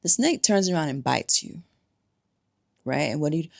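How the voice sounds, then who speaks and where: Woman, low voice, gravelly, emphatic to-camera commentary, rhetorical questions. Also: lively intonation, normal speed, pauses often, darkish tone. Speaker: spiritual vlogger.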